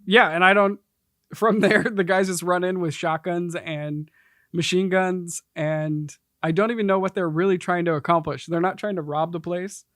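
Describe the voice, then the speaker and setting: A man co-hosting a podcast who laughs a lot and chimes in with short agreeing replies. His voice is a little higher than most men's, and the sound is dry and close. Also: fairly even intonation, normal speed, fairly bright tone, dry recording. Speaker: podcast co-host. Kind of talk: casual movie review chat.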